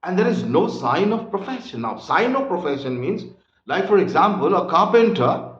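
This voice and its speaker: A man with an Indian English accent, his voice sitting a little high and swinging up and down a lot as he teaches. He explains each line slowly and patiently, speaking to his students as children. The sound is roomy and somewhat dull, like a lo-fi room recording. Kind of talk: line-by-line literature lesson.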